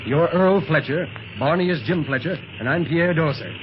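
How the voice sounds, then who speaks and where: An actor playing a calm, seasoned secret police agent in a 1930s radio serial, steady and giving orders. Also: male voice, on the high side, normal speed, lo-fi sound, lightly acted. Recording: scratchy noisy 1930s radio recording.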